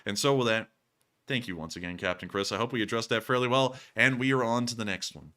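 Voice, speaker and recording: Male livestream host, bright forward tone, exhausted, rambling with fillers. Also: medium pitch, fast talker. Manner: rambling, frequent fillers and thank-yous. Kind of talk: livestream war news commentary.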